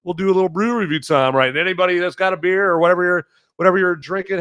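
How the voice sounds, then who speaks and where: A man's voice: high-pitched, racing, a bit bright, smooth. A man hosting a podcast who chats casually and rambles in a jokey way, with many fillers and self-corrections. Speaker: podcast host reviewing beer. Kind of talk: casual chat.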